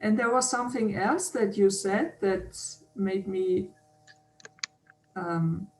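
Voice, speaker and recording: Slow, hesitant woman, echoey and distant. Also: medium pitch. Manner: hesitant, gentle, many false starts. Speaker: interviewer. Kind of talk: casual interview conversation. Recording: roomy, distant from the mic.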